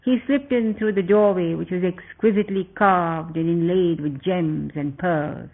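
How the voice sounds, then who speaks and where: A man narrating a story in a steady, descriptive reading with occasional slips, over a tinny phone-like recording. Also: high voice, unhurried, creaky.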